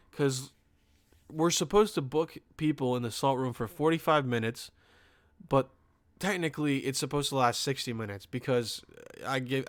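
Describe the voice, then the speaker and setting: A man's voice: mid-range voice, no echo, clean studio sound. Profane young man telling a story. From Pennsylvania. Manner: profane, rambling, animated storytelling. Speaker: podcast host. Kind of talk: comedic storytelling.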